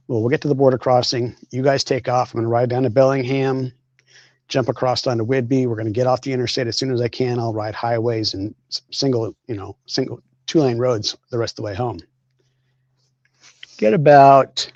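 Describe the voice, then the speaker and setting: A man's voice: medium pitch, dry recording. Man telling his story over a dull call. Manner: steady, matter-of-fact retelling with small restarts. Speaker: guest, crash survivor. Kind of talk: casual storytelling on a live stream. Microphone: video call from a hospital bed.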